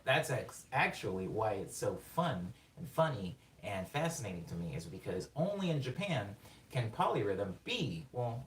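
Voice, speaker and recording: A man on a live production stream, excitedly explaining rhythm while rambling and interrupting himself, sometimes singing words on the beat. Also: fairly low pitch, slight background noise. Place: home studio during a live production stream. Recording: roomy room sound, mic at a distance, faint music.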